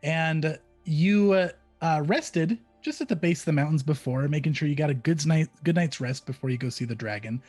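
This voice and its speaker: A man's voice: on the high side, moderate pace, a little mellow, no echo, soft background music. A man narrating as game master of a tabletop game in a casual way, with many fillers.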